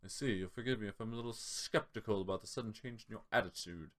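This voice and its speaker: A man's voice: lowish voice, quick pace, fairly bright tone, close to an everyday voice. A man voicing a cold, skeptical wealthy mother as he reads game dialogue aloud, in a cool, disapproving tone.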